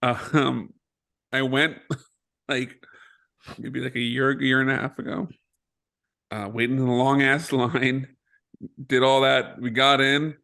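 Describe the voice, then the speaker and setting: A young man on a podcast telling a self-mocking story in an animated way, swearing and laughing as he goes. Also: medium pitch, slow, vocal fry, long pauses. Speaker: podcast co-host. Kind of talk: casual storytelling.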